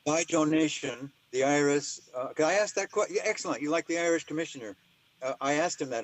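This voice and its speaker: An older man talks as an interview guest in a mid-pitched voice. He rambles and stresses his points hard, jumping from one claim to the next. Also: fast talker, no room sound, rough recording. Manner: rambling, emphatic storyteller. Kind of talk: casual interview talk.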